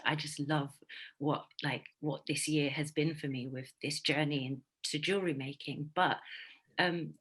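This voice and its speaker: A woman's voice: low voice, bright, forceful tone. A woman attending an online talk as a newcomer to jewellery making, speaking earnestly with many "like"s. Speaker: attendee, new jewellery maker. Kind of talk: casual video-call chat. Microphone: video call.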